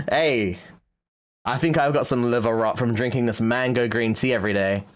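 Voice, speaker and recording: A man's voice: mid-range voice, normal speed. A young British man streaming live, chatting casually and teasing his chat with jokes. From Britain. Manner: teasing, joking banter with chat.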